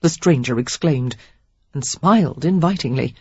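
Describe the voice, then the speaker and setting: An audiobook narrator reading a romance novel in steady, expressive storytelling. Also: mid-range voice, normal speed, breathy edge, no echo. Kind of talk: scripted narration. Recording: dull lo-fi dry recording.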